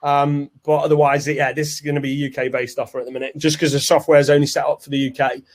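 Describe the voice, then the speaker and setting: A man's voice: mid-range voice, flat delivery, fast. A man hosting a live product launch webinar, chatty and salesy. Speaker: webinar host.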